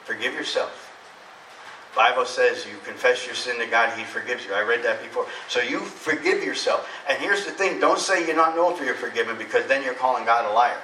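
Echoey, bright-voiced preaching pastor. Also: male voice, medium pitch, brisk, distant mic, slight background noise. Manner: emphatic, swinging between loud preaching and soft confiding. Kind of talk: sermon. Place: church sanctuary. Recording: echoey church hall from off-mic.

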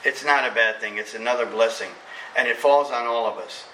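A middle-aged man preaching a sermon as pastor, emphatic, swinging between loud preaching and soft confiding. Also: medium pitch, fairly quick, distant mic, slight background noise. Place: church sanctuary. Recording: echoey church hall from off-mic.

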